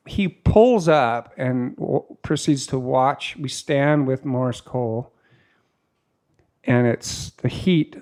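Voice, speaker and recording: This storyteller, a California surfer and filmmaker in his fifties, has a smooth, medium-pitched voice. He tells stories casually and animatedly, acting out dialogue and often restarting.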